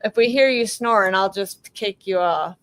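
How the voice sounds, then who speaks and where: A woman's voice: mid-range voice, moderate pace, a bit bright, low-quality recording. A woman with a Boston accent hosting a livestream on a video call, chatty and teasing with her guests. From Boston area. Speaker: livestream host. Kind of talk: casual chat.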